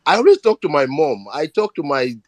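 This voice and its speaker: Nigerian man, heartfelt speaker, fairly high pitch, dry sound. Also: very animated, fairly quick, dry recording. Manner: earnest, emotional, repeats himself. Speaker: speaker on a live audio chat. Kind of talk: impassioned appeal.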